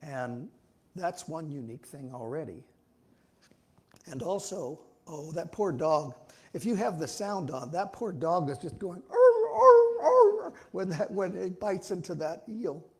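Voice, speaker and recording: A man's voice: on the high side, unhurried, a little mellow, husky. A man giving an informal, folksy sermon at a church, talking in a rambling way with frequent restarts. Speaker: speaker giving a talk at a church.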